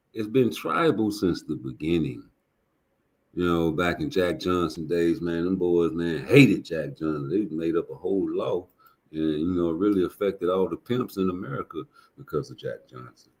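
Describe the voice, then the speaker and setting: A man's voice: low voice, moderate pace, a little mellow. A man ranting casually on a live stream, profane, rambling and repeating himself.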